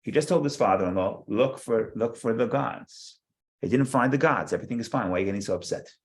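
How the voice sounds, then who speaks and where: A man's voice: medium pitch, fast talker. A man teaching a Torah study class, reading verses aloud and explaining them with frequent restarts and repeated words.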